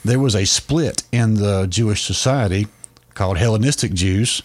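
A man's voice: lowish voice, normal speed. A man co-hosting a podcast, explaining a long story in a casual way, with frequent restarts. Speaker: podcast co-host.

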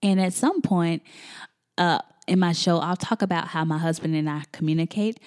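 A woman's voice: lowish voice, moderate pace, darkish tone, smooth. A woman in her thirties hosting a faith and family podcast, talking in an effusive, emotional, chatty way. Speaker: podcast host.

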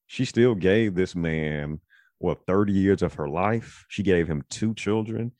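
Brief: male podcast host, very deep voice, loose and digressive, dry close recording. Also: normal speed, no room sound. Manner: rambling, digressive, thinks out loud. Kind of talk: casual podcast chat.

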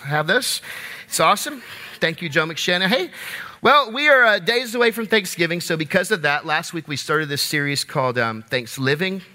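A male pastor preaching in a jokey, conversational, animated manner to a live congregation in a large church, through a stage microphone. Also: fairly high pitch. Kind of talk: sermon. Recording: reverberant live church hall.

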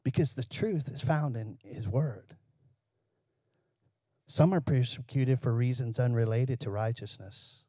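A man's voice: mid-range voice, unhurried, warm tone, no echo. A male pastor preaching a conversational sermon, asking the congregation questions and joking now and then.

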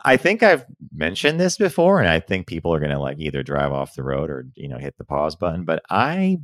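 A deep-voiced podcast co-host tells lively stories in casual chat, acting out quotes as an animated storyteller. He talks fairly quickly, and the recording is dry with clean studio sound.

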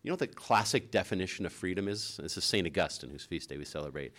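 A man's voice: deep voice, expressive, quick pace, fairly bright tone. A man co-hosting a Catholic talk show, teaching in a chatty way and laughing easily as he tells stories. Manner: chatty storyteller, laughs easily, frequent "right?".

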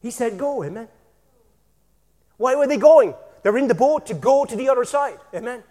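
Pastor preaching loud, voice really high, lots of amen?, echoey church hall. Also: male voice, moderate pace. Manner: energetic, shouting, constant "amen?". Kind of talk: sermon.

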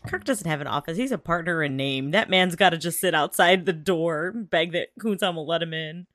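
A woman co-hosting a podcast in casual recap chat, expressive and quick with laughing asides. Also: fairly low pitch, no echo, clean studio sound. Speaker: podcast co-host.

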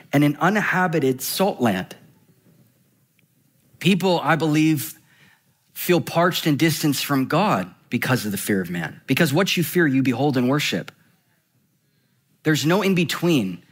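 A male preacher with a somewhat high voice delivers a lively, conversational sermon. He reads scripture slowly and deliberately, then rushes through asides, often checking in with "right?" His pitch jumps up when he gets excited. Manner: animated, swings between slow scripture reading and quick asides.

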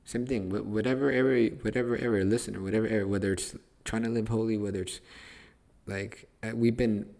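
Man, podcast host, casual Bible teaching, emphatic, repetitive, loud-to-quiet swings. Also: lowish voice, fairly even intonation, a little fast. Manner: emphatic and repetitive, restarts phrases for stress.

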